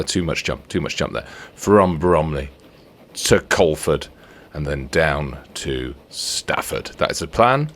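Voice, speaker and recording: A man with an extremely low voice talks through a game in a loose, chatty way. His pitch swings widely as he jokes with himself while building. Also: fairly bright tone, slight background noise. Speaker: let's play host. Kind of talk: casual gameplay commentary.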